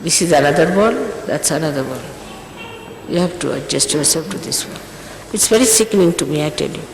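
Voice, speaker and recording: A woman's voice: low-pitched, animated, a little fast. An older woman, a spiritual teacher, giving an emphatic, scolding talk to her followers before a ceremony, often repeating herself. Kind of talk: informal exhortation before a ceremony. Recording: echoey hall, faint hiss, old tape.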